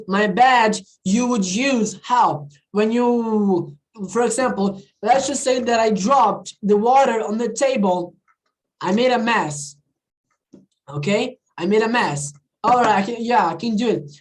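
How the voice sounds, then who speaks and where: A woman's voice: fairly high pitch, a little slow, a little mellow, poor audio. Chatty woman teaching an online class. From not from the country where she teaches. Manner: chatty, repeats "all right, guys?" and switches into Portuguese.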